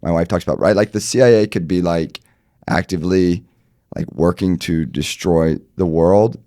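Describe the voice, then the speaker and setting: A man in his thirties who is sick, talking in a very low, dark voice. He chats casually and dryly with a deadpan, trolling edge, tagging lines with "right?". The sound is close and dry. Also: normal speed, no echo. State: sick, voice gone deep. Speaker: podcast co-host. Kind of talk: casual chat.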